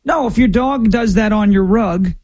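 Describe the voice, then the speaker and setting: A man's voice: sits high, moderate pace, a little mellow, dry recording. A man hosting a political opinion show, delivering a sarcastic, emphatic monologue. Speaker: political talk host.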